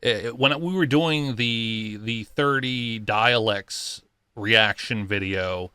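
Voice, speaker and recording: A man hosting a reaction video, musing in an easygoing way with frequent pauses. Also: medium pitch, bright, forceful tone, clean tone, no room sound, studio quality. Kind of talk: casual reaction commentary.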